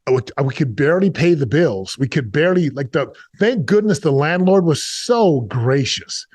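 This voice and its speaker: A man's voice: on the high side, sing-song, normal speed, a little mellow, no room sound. A middle-aged man, a guest in an interview, telling a painful personal story in an earnest, confessional way, with bursts and repeated words.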